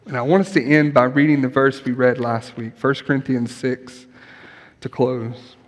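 A man preaching an earnest sermon as pastor, then leading a quiet prayer. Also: medium pitch, steady tone, normal speed. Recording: long hall reverb.

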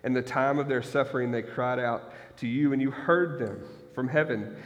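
A male pastor in his thirties delivers a sermon, moving between measured scripture reading and quick, joking asides to his listeners. His voice sits at an ordinary middle pitch for a man. It carries a long reverb, as if filling a large church sanctuary. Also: muffled recording. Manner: reads scripture then breaks into lively asides.

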